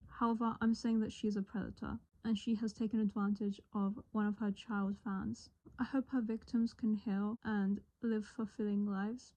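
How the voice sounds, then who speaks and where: Earnest woman with a warm, dark voice. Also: on the high side, poor audio. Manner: usually flat tone, earnest and serious here. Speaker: commentary channel host. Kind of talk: online commentary video.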